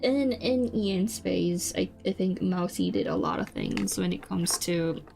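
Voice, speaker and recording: A woman's voice: on the low side, huge pitch swings, unhurried, gravelly, darkish tone. A young woman from South Korea whose first language is Korean, chatting casually on stream in a rambling, hesitant way with many fillers and restarts. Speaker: VTuber streamer. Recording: faint background music.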